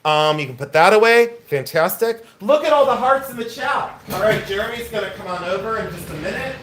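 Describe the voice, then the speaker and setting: Joking, chatty American auction host. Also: male voice, high-pitched, animated, brisk, background noise. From United States. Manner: joking, teasing viewers, rambling. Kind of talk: casual live-stream sales chat.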